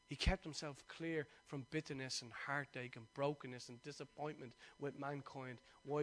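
A man, a pastor preaching a sermon and telling personal stories in a lively, chatty way. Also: medium pitch, normal speed, hardly any pauses. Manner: lively storytelling, chatty and conversational.

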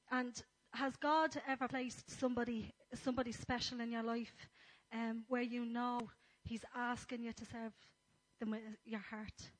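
Woman, church speaker, gentle and flat-toned. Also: a little high, low-quality recording. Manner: earnest and gentle, with frequent fillers. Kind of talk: sermon talk.

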